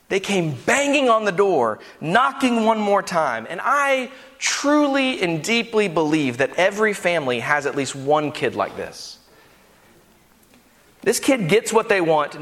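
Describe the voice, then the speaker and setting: A pastor preaching a sermon with an impassioned delivery that rises to near-shouts. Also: male voice, a little high, long reverb tail. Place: church sanctuary.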